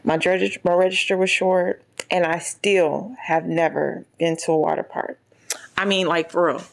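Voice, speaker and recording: A young woman vlogger telling a storytime tale in animated, casual chat and acting out the people in it. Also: on the low side, measured pace, creaky. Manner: animated, acts out every quoted person.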